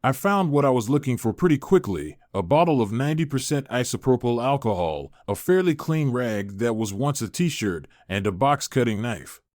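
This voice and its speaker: A man's voice: medium pitch, expressive, normal speed, hardly any pauses, a little mellow, dry recording, clean studio sound. A man narrating a scripted first-person story with dramatic storytelling.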